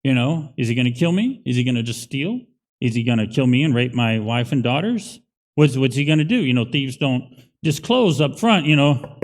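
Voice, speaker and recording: A man's voice: mid-range voice, animated, moderate pace. A male pastor preaching a conversational, emphatic sermon in a church. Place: church sanctuary. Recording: long hall reverb.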